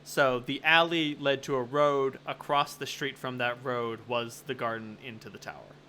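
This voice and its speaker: A man's voice: mid-range voice, steady tone, normal speed, sharp tone, a little hiss or hum. A man running a tabletop game as game master, talking casually with lots of filler and frequent swearing.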